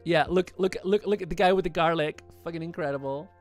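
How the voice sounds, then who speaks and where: A livestream host chatting casually over photos in a rambling, excitable way, often correcting themselves mid-sentence. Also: medium pitch, a little fast, faint music behind.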